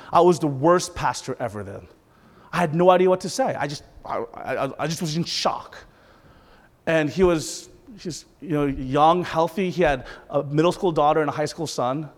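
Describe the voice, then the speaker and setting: A man preaching a sermon as a pastor, impassioned, swinging between intense peaks and soft, hushed asides. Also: on the high side. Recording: long reverb of a large hall.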